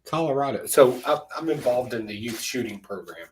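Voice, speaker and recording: A man's voice: medium pitch, expressive, a little fast, slight background noise, rough recording. A middle-aged man chatting casually on a panel, a rambling, jokey storyteller. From United States. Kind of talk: casual chat.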